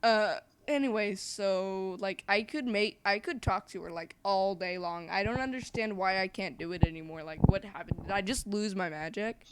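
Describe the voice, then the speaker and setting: A young woman co-hosting a casual podcast chat, rambling with lots of fillers and quick giggles. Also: mid-range voice, slight background noise. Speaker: podcast co-host.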